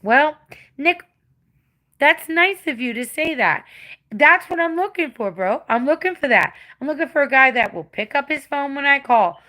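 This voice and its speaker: Brief: English woman in her forties, livestream host, fairly high and forceful voice, blunt and foul-mouthed. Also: animated, normal speed. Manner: blunt, profane, venting. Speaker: livestreamer answering chat. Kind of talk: casual livestream chat.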